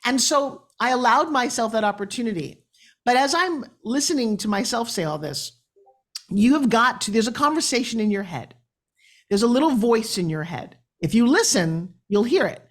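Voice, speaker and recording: A middle-aged woman talking as a guest in an interview, animated and motivational, her pitch swinging up and down for emphasis. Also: moderate pace. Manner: lively, shifting pitch up and down for emphasis. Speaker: guest speaker.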